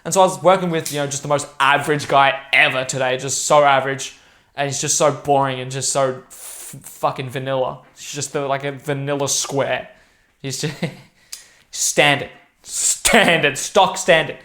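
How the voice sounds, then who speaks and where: A man's voice: medium pitch, steady tone, normal speed, pushed and bright. A young man talking straight to camera in a rambling, profane, intense and emphatic monologue. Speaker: vlogger.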